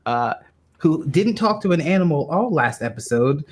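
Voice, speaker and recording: A man's voice: on the high side, animated, moderate pace. A man player chatting at a game table, giggly and rambling. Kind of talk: casual chat at a game table.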